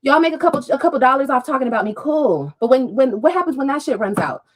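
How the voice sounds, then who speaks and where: A woman on a livestream rants at her critics in a fairly high voice that swings widely in pitch. She is confrontational and profane and mocks her detractors as she talks straight to her viewers. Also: sing-song, quick pace, low-quality recording. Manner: addresses viewers directly. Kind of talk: ranting livestream monologue.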